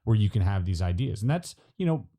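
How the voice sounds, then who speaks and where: Low-voiced relaxed male interviewer. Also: a little fast. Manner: relaxed and musing, with many fillers. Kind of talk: casual interview chat.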